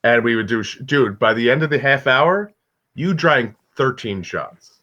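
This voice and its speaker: A man's voice: mid-range voice, animated, measured pace, bright, forceful tone, highs cut off. A man in a casual comedy chat, bantering loosely with jokes and swearing. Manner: loose, joking, profane banter. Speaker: podcast participant.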